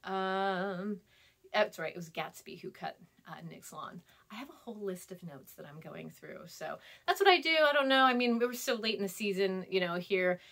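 A chatty woman in her thirties talks through a class reading in a loose, rambling way. She fills her talk with ums, laughs and little acted-out quotes. Her voice sits at a middle pitch. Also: expressive, moderate pace, vocal fry, fairly bright tone. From California, US. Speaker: instructor. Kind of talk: recorded lecture.

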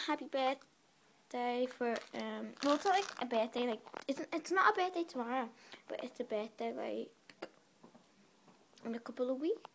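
A young woman talks straight to camera in a loose, chatty vlog. Her voice sits a little high, and she wanders off topic and corrects herself. Faint noise hums underneath. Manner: rambling, self-correcting and chatty. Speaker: vlogger. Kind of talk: casual vlog chat. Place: bedroom.

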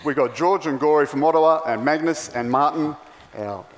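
A man presenting on stage at a conference, jokey and halting with fillers. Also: on the high side, big-room sound. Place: large conference hall.

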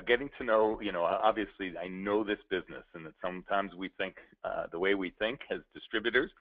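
A man, a professional speaker, giving a playful, interactive storytelling presentation and addressing his audience directly. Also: deep voice. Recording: tinny narrow-band recording.

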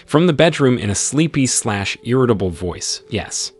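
A man, host of his channel, narrating a first-person story in an expressive reading style. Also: mid-range voice, normal speed, faint music behind.

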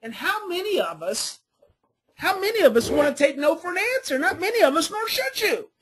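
A woman's voice: extremely high pitch, sing-song, a little fast, fairly bright tone. A woman giving a parenting coaching class, telling family stories and hammering points home by repeating them. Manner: storytelling with family anecdotes, emphatic repetition.

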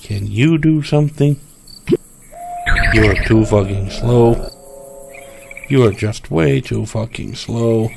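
A man's voice: medium pitch, takes it slowly, gravelly, pauses often, noisy background. A man commentating his own gameplay, talking to himself, frustrated and swearing often. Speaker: gameplay streamer. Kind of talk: let's play commentary.

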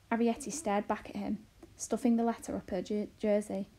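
A woman teacher reading a children's novel aloud slowly and carefully, with occasional self-corrections. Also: medium pitch, steady tone, darkish tone.

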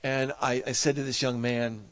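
A man's voice: medium pitch, little pitch movement, normal speed, a bit bright, no echo. A man preaching a sermon as a pastor, telling a personal story in an earnest, heartfelt way.

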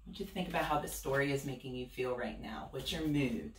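A woman teacher reading a storybook aloud to students, expressive and stopping to ask them questions. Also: a bass voice, a little fast, slight background noise. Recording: roomy, from a distance.

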